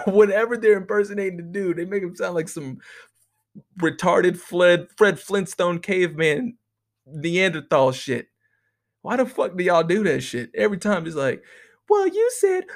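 Profane, rambling young man, higher voice. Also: creaky. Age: young adult. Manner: profane, rambling, laughs often. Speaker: vlogger. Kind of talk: casual rambling monologue.

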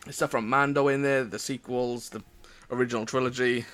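A man's voice: medium pitch, steady tone, a little fast, a bit bright, faint music behind. A man with a Welsh accent co-hosting a casual podcast on a headset mic, rambling with lots of fillers and restarts. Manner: rambling, hesitant, many fillers. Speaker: podcast co-host.

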